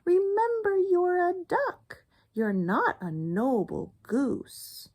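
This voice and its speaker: A woman's voice: very high-pitched, wildly swooping pitch, takes it slowly, a little mellow, pitched above the performer's own voice, full character voice. A woman voicing a prim, flustered goose who fusses indignantly. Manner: indignant, fussing.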